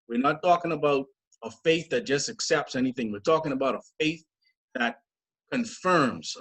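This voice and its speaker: A middle-aged man leading a scriptural study, deliberate and emphatic, spelling out word origins. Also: mid-range voice, a bit bright. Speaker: church teacher.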